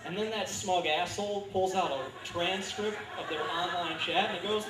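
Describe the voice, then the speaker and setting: A man in his thirties doing a stand-up comedy set, delivering dark one-liners in a dry, deadpan manner. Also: sits high, normal speed, background noise. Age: 30s. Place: comedy club stage. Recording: echoey club recording from far off.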